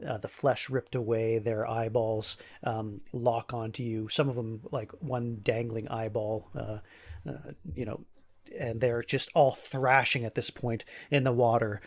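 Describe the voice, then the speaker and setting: A man with an unhurried, mid-range voice runs a tabletop game as its narrator and game master. His manner is laid-back, peppered with frequent ums and uhs, and he's quick to laugh.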